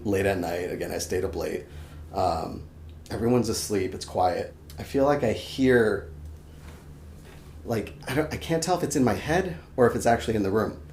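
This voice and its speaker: A young adult man, a podcast guest, telling a story in casual chat, animated and swearing freely, acting out his own shouts. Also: on the low side, a little fast. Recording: echoey room, faint background noise.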